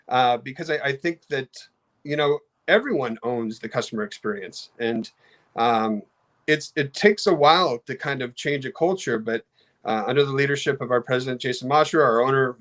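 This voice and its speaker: A middle-aged man talking casually on a podcast about customer service, halting often with restarts. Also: medium pitch, a bit bright. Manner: halting, many restarts, storytelling with acted quotes. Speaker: card company customer experience head. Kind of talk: casual podcast talk with slides.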